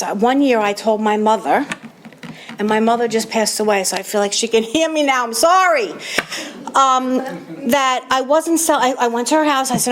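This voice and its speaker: A woman's voice: a little high, a little hiss or hum. A woman in her fifties or older from New York, giving a candid, self-mocking personal testimony as a recovery meeting speaker.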